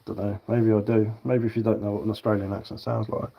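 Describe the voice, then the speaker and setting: A man's voice: on the low side, fairly even intonation, fast, vocal fry, few pauses, muffled recording. A man with a southern English accent chatting casually on a live stream as he carves wood, rambling and answering viewer comments while he works.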